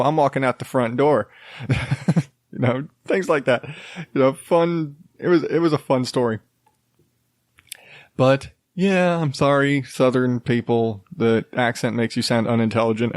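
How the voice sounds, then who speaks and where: A man's voice: mid-range voice, no room sound, studio quality. A man hosting his own podcast, talking alone in a loose, rambling way, full of fillers and restarts. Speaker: podcast host. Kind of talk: casual solo podcast rambling.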